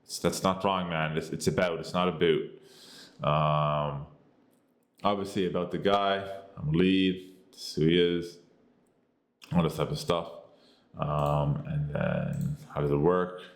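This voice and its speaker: A gravelly-voiced American man, unhurried and fairly monotone, reviews an app casually. He's a tech reviewer who wanders off track, fills gaps with filler words, and repeats "boom" and "you get the idea."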